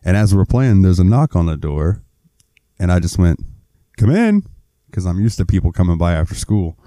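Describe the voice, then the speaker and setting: A laid-back man with a very low, very dark voice, chatting on a podcast. He tells a rambling story in a relaxed way, and his voice sounds dry and close. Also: fairly quick, no echo. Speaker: podcast co-host. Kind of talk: casual chat.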